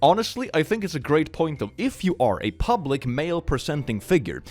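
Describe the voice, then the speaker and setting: A man casually commenting on memes from home, animated and jokey, laughing often and slipping into silly voices. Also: fairly high pitch, brisk. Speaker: YouTuber reading memes.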